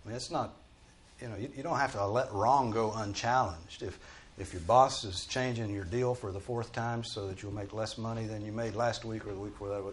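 A man's voice: lowish voice, steady tone, fairly quick, slight background noise. A man teaching a Bible study group in a conversational, emphatic way, often restarting his sentences.

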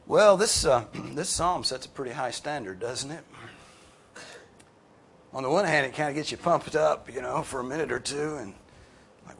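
A man's voice: moderate pace, gravelly, fairly bright tone, husky. A man preaching and teaching a Bible class, earnest and emphatic, who breaks into casual asides and raises his voice to drive a point home. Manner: earnest, emphatic, rises in pitch and volume for emphasis. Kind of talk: sermon with group discussion.

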